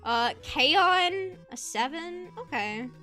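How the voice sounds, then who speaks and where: A woman's voice: very high voice, lively intonation, takes it slowly, bright, forceful tone, soft background music. A young woman streaming as a VTuber, ranting passionately in casual commentary and laughing easily.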